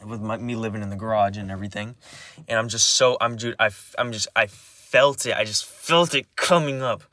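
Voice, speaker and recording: A man's voice: fairly low pitch, brisk, bright, forceful tone, dry recording. Agitated young man, dry close sound. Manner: agitated, rambling, swearing, many restarts. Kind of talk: personal confessional vlog.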